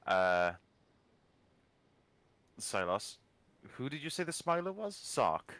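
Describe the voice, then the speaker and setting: Bright-voiced joking male player. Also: mid-range voice, sing-song, takes it slowly, dry recording. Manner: joking, swearing. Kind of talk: casual tabletop banter.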